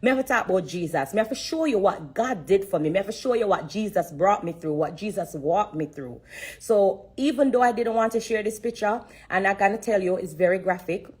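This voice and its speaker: A woman's voice: medium pitch, expressive, brisk, darkish tone, husky. A woman giving an earnest, emotional testimony on a phone live stream, repeating herself and holding back tears. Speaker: livestreamer sharing a testimony. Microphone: phone on a social-media live.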